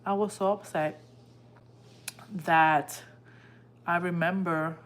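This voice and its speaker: Speaking slowly in a low-leaning voice, a woman hosts a live stream from home. She narrates a story in a relaxed yet emotional way, acting out the quoted dialogue with animation.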